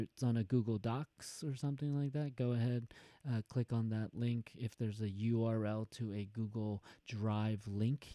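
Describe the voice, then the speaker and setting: A man's voice: fairly low pitch, dark tone, no echo. A man teaching a class, explaining an assignment in a casual, rambling way, often correcting himself mid-sentence. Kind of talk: recorded assignment instructions.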